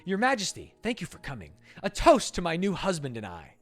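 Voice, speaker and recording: A man's voice: high voice, wildly swooping pitch, brisk, a bit bright, faint music behind, full character voice. A man reading the lines of a smug, newly married archduke in a game, in a plain courtly tone.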